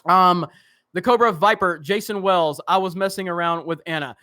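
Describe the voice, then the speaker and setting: A young man with a Southern US accent hosting a casual live stream, rushing through chat comments with joking, self-mocking asides. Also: sits high, bright, forceful tone.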